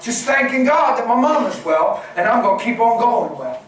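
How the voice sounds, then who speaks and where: A man preaches, his voice a little high for a man. He moves from hushed, near-whispered lines to loud, excited bursts. He is recorded from a distance in a big, echoing church hall with faint noise behind. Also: normal speed, hardly any pauses. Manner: passionate, swings from hushed to shouting. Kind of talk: sermon. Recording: echoey hall, voice from far off.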